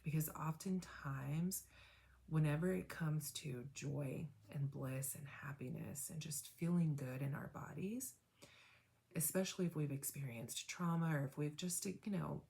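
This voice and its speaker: A woman with a deep, mellow voice guides a tapping meditation. Her delivery is slow and soothing; she repeatedly asks "right?" and drops to a breathy whisper for each affirmation.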